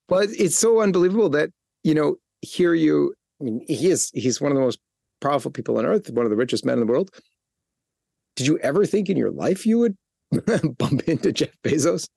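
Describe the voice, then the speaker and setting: A male interview host with a gravelly, creaky voice that swings widely in pitch as he reacts. He prompts his guest with short, encouraging questions. The sound is dry and close, with no room echo. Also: animated, fairly quick, mellow. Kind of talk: conversational interview.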